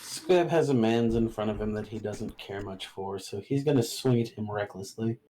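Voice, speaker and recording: Mellow, dry-humored player man. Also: on the low side, moderate pace. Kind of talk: tabletop game play.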